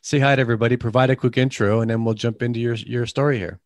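A man's voice: mid-range voice, steady tone, quick pace, dry recording, studio quality. A middle-aged man with a Canadian accent, hosting a podcast interview in an upbeat, chatty, friendly way. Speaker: podcast host. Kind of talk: casual interview chat.

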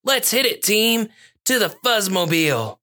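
A storyteller voicing a brave, kind male police cat officer who speaks softly and reassuringly in a children's story. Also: mid-range voice, lively intonation, slow, voice pushed up. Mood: rallying. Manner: gentle, soft and reassuring.

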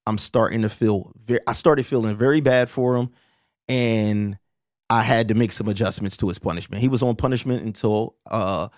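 A man co-hosting a casual podcast, telling stories in an animated, slangy, profane way. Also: fairly low pitch, normal speed, no echo, clean studio sound. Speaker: podcast co-host.

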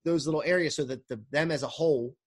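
A coach joins a podcast from his home during quarantine, chatting eagerly and rambling with frequent restarts. His voice is a little high with a breathy edge, and he talks fast in this casual interview.

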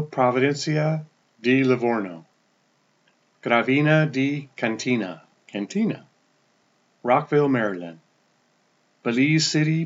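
A man hosting a casual podcast update, reading out a long list of listener towns, each one falling in pitch at the end, and stumbling over the foreign names. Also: lo-fi sound. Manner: pitch drops at the end of each place name. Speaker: podcast host.

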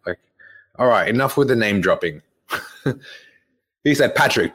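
A man's voice: on the low side, a bit bright. A young man, a fitness coach telling a rambling, profane story in casual podcast talk. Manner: rambling, profane, laughs often.

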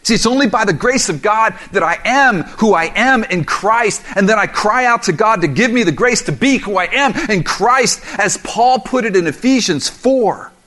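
A man's voice: high-pitched, lively intonation, moderate pace, few pauses, pushed and bright. A middle-aged man preaching a sermon as a pastor, conversational and humorous, telling self-deprecating stories.

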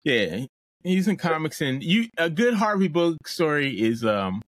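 A man's voice: on the high side, very animated, measured pace, no room sound. A man co-hosting a podcast, chatting casually and animatedly about a movie, with fillers and laughs. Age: older than co-host. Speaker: podcast co-host.

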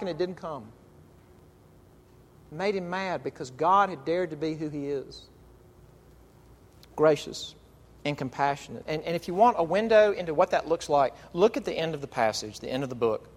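Man preaching in an echoing hall. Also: fairly high pitch. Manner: animated, emphatic preaching with drawn-out phrases. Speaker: pastor. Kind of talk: sermon. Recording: long reverb of a large hall.

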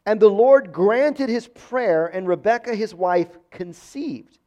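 Man, preacher, high voice, earnest, emphatic, Bible teaching. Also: takes it slowly, warm tone, lo-fi sound. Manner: earnest, emphatic, repeats words when restarting.

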